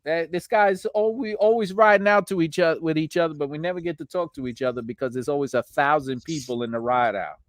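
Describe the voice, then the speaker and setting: A man with a New York accent hosting a casual live stream, giving shout-outs to viewers and laughing often. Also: a little high, fairly quick, few pauses, no room sound. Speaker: host.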